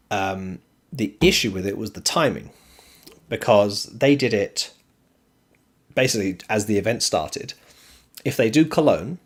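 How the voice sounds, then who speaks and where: A man with a fairly low voice hosts a live stream and walks his viewers through the details point by point. He talks steadily and fills his pauses with plenty of ums. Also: breathy edge. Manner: explanatory, steady, frequent ums. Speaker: streamer host. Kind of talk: casual esports commentary.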